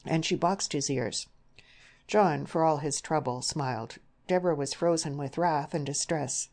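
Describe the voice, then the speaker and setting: A woman narrating an audiobook novel in a measured, even reading. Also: deep voice. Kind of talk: scripted narration.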